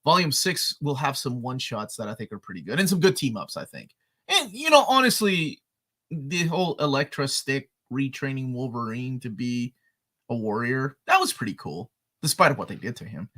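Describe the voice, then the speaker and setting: A man's voice: mid-range voice, sing-song, moderate pace. A man co-hosting a casual live chat, rambling and correcting himself as he goes. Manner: rambling, self-correcting, swings loud and quiet. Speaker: co-host. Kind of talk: casual chat about comics.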